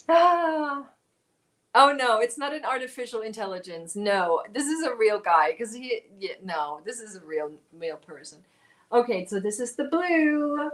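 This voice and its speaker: Chatty woman livestream host. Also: on the high side. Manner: chatty, animated, reads out viewer names and answers them. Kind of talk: casual chat with live chat while crocheting.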